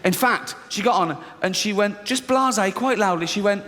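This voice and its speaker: A man's voice: high-pitched, moderate pace. A man performing a brash stand-up comedy routine, swearing and laughing through his punchlines. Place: large theatre stage. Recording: roomy hall with loud audience ambience.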